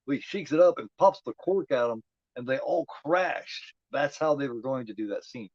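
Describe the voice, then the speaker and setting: A man's voice: medium pitch, expressive, moderate pace, darkish tone, dry recording, lo-fi sound. A man giving casual, profane commentary while watching a movie, talking back at the screen.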